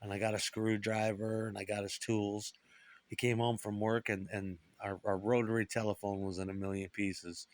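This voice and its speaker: A man's voice: lowish voice, level tone, moderate pace. A middle-aged man talking bitterly and profanely in a rambling monologue about guitar and his past. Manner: profane, bitter, puts on voices for quoted people.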